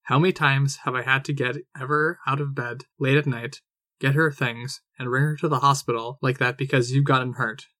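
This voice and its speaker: A man reading aloud, voicing a tired father who speaks calmly and firmly. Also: medium pitch, normal speed, no room sound, clean studio sound, lightly acted. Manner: calm, level, tired. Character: weary adult man, calm and firm.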